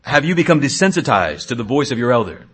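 A man in his thirties, a pastor preaching a sermon, swinging between hushed asides and loud exhortation. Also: mid-range voice, sing-song, quick pace, husky.

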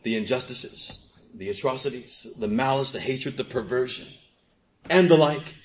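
Man preaching with hushed-to-emphatic swings. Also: mid-range voice, normal speed. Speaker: pastor. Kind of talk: sermon. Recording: dull lo-fi sermon recording.

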